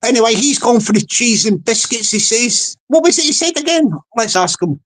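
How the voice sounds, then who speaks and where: A man's voice: extremely high pitch, expressive, moderate pace, hardly any pauses. A man vlogging comic commentary, rambling along with many stammered restarts.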